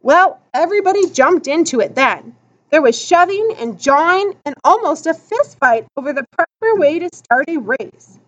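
A woman narrating a children's novel aloud in an expressive storytelling manner. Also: high voice, moderate pace, low-quality recording. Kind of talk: audiobook narration.

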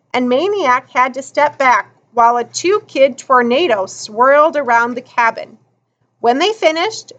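Audiobook narrator, woman, high bright voice, animated, unhurried. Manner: expressive, deliberate.

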